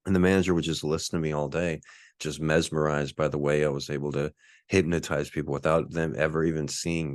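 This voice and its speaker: This is a podcast host from Texas, a man in his forties, spinning a loose, easygoing story as a casual monologue. He has a very deep voice, and the studio-quality recording carries no room sound.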